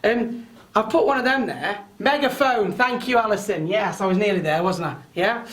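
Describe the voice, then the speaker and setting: A loud man with a fairly high voice talks through a training webinar. He is chatty and keeps checking in with his listeners. He sounds like he is speaking into a computer mic on a video call. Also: moderate pace. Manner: loud, chatty, frequent tag questions. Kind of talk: live online training talk.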